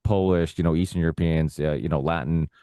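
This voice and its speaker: A man's voice: rumbling low, fairly even intonation, fairly quick, dark tone, no room sound, clean studio sound. A young man, guest on a podcast, telling stories in a loose, rambling way full of "you know" and "like". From United States, Portuguese immigrant family. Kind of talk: casual conversational storytelling.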